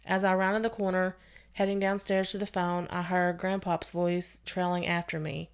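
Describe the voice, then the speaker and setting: A woman's voice: lowish voice, flat delivery, normal speed, smooth. A woman hosting a podcast, reading a scary story aloud with expression and sometimes restarting a phrase. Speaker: podcast host reading stories.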